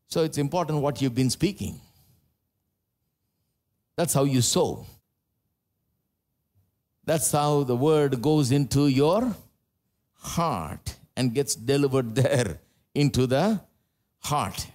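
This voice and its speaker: A man from India with an Indian English accent, preaching a live church sermon, climbing to loud emphatic peaks and dropping back to low, chatty asides. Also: slow, pauses often. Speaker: pastor.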